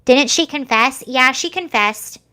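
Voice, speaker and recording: A woman's voice: sits high, expressive, unhurried, pushed and bright. A young American woman vlogging casual commentary, chatty and rambling with many fillers and restarts. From United States.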